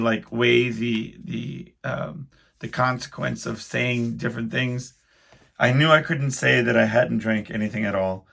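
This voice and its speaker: A man's voice: mid-range voice, vocal fry, fairly bright tone. A man hosting his own podcast, telling a rambling, self-deprecating story in casual speech full of restarts. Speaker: podcast host.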